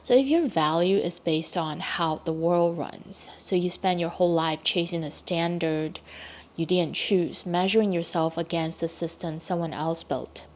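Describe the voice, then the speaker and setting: Woman vlogger, reflective solo monologue, very slow delivery, lower register, thoughtful with frequent pauses. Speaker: video creator.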